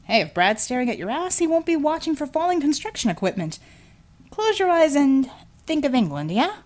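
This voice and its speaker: A woman's voice: sits high, sing-song, a little fast, darkish tone, voice pushed up. A woman voicing a cocky, scheming male superhero who talks with brash, teasing salesman patter. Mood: wry teasing.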